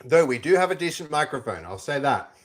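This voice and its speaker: A man's voice: fairly high pitch, very animated, fairly quick. A young man live-streaming, chatting casually to his viewers while working on code, rambling with many restarts. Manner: rambling, talks to chat, lots of restarts.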